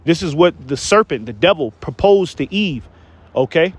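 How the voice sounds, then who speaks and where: Male online preacher, slightly high pitch, emphatic and repetitive, stumbles on words while reading verses. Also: animated, moderate pace, husky, dry recording. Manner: emphatic, keeps asking "okay?" and "man". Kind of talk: preaching rant with scripture reading.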